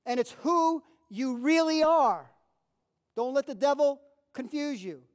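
A man's voice: very high-pitched, lively intonation, normal speed. A man preaching a sermon as pastor, folksy and emphatic, leading his congregation to repeat declarations after him. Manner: leads congregation in call-and-response declarations.

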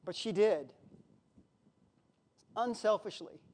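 A pastor preaching a sermon in a conversational, emotional way, with sudden loud outbursts. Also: male voice, sits high, slow.

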